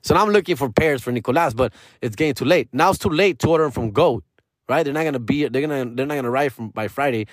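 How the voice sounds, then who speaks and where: A man in a loose, profane rant, dropping Spanish phrases as he goes. His pitch swings high and low from line to line. The sound is close and dry, with no room around it. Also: fast talker, no echo. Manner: profane slangy talk, switching into Spanish phrases; animated, pitch jumping up and down. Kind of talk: casual rant.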